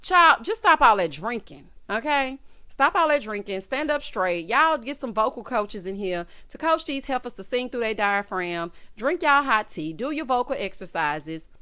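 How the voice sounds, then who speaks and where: A woman's voice: on the high side, expressive, normal speed, pushed and bright, smooth. Sassy young woman dishing TV recaps. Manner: sassy and dramatic, with asides of "child" and "honey". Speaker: reality TV recap vlogger. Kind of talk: casual recap commentary.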